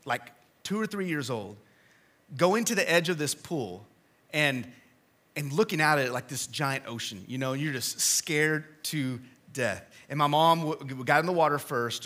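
A male pastor in his thirties preaching a casual, story-driven sermon in a church, swinging between loud emphasis and hushed asides. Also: mid-range voice.

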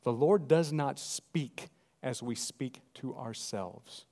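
Man, pastor, middle-aged, animated sermon, calls to the congregation, warm low timbre, mid pitch. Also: slow pace.

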